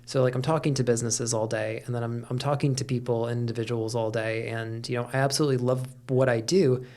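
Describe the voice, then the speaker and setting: A man's voice: mid-range voice, little pitch movement, quick pace, a little mellow. A middle-aged man talking candidly as a podcast guest, with lots of fillers and casual swearing. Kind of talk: casual conversation.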